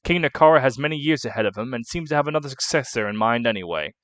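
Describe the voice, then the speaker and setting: A man voicing a kindly noble knight who mentors a young man, read in a measured, earnest way. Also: medium pitch, expressive, a bit bright, dry recording, natural voice.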